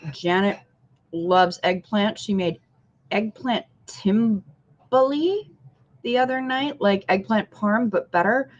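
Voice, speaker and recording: A woman co-hosting a casual livestream from a diner booth, joking dryly and sometimes talking with her mouth full. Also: mid-range voice. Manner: slow, dry and joking, chewing food while talking. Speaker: livestream co-host. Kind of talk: casual chat. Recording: dull lo-fi livestream audio.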